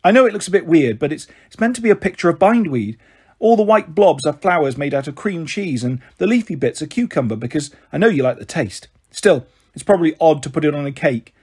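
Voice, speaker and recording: A man's voice: high voice, sing-song, fairly quick, a little mellow, slightly rough, pitched above the performer's own voice, heavily acted. A man voicing an earnest, caring young girl who pleads and fusses.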